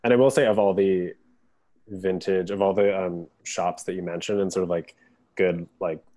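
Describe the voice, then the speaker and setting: A man co-hosting a podcast in casual chat over a video call, relaxed and hesitant with fillers. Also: low voice, moderate pace. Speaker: podcast co-host.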